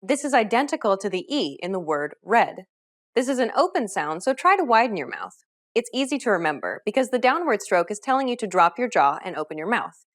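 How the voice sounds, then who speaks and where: Woman, scripted lesson narrator, clear and instructive, animated delivery. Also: mid-range voice, a little fast. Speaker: language teacher.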